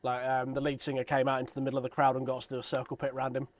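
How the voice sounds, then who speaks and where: Man in his thirties, sim racing streamer, loose self-deprecating chatter, mid-pitched voice. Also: monotone, racing, no echo. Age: 30s. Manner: rambling, self-deprecating, joking. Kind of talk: casual live stream chat.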